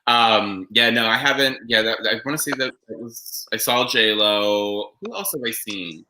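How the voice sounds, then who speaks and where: Bright-voiced male podcast host. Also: fairly low pitch, moderate pace, poor audio. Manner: rambling, animated storyteller. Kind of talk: casual chat.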